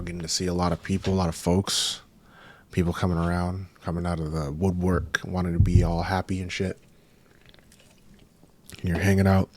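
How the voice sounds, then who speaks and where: A man's voice: deep voice, a little mellow, no echo. A young man hosting his own podcast, rambling and profane in a laid-back, casual way. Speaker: podcast host. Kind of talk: casual solo podcast chat. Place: home recording room.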